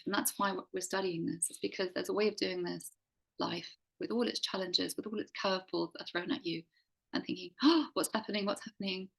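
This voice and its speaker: A woman's voice: lowish voice, gravelly, slightly rough, rough recording. A woman teaching a faith class to a group, earnest and asking many rhetorical questions. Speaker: teacher and coach.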